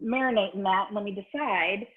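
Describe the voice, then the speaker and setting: A woman's voice: medium pitch, a little fast. A woman on a video call asking a webinar host a hesitant question. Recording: thin phone-like call audio.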